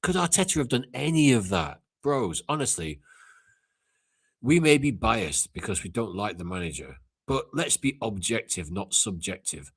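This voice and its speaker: A young man hosting a casual call-in chat, blunt and sweary, ranting with loud outbursts. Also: fairly low pitch, very animated, moderate pace, husky. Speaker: live call-in show host.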